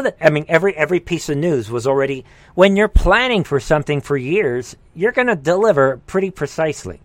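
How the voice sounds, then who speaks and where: A man hosting a live political commentary stream, emphatic and sarcastic, jumping between loud exclamations and low muttering. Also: lively intonation, brisk, no echo.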